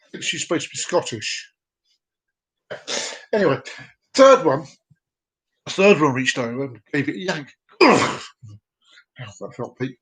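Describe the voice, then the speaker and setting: A man's voice: a little high, poor audio. A man hosting a casual live comedy show, chatty and playful, giggling at his own jokes. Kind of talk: casual joke-telling.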